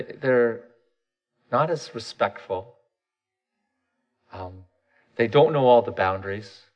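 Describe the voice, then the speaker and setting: A man in his thirties giving a candid, self-deprecating personal talk, often restarting his sentences. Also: medium pitch.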